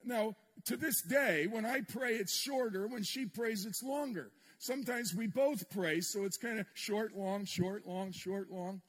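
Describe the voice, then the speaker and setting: Older man preaching, high husky voice. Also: a little slow, hardly any pauses, a bit bright. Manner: candid, self-deprecating storytelling with humor. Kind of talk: sermon storytelling. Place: church sanctuary with congregation. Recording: long reverb in a large hall.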